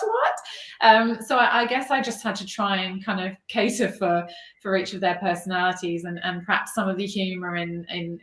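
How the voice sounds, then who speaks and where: A woman's voice: fairly low pitch, vocal fry, fairly bright tone. A woman author chats through an interview with a modest, self-deprecating manner. She stumbles and restarts as she thinks aloud. Her voice carries a noticeable room echo. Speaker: author guest. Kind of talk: casual interview chat. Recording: roomy echo.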